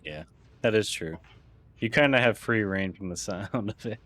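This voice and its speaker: A man's voice: lowish voice, animated, normal speed, a bit bright. A man streaming a game and chatting casually with friends, joking and laughing as he talks. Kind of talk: casual gaming chat.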